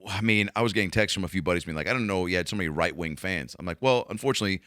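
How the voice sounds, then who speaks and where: A man hosting a comedy podcast, talking in a casual, profane, animated monologue and acting out quotes in raised voices. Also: low voice, very fast, clear, resonant tone, no echo, clean studio sound.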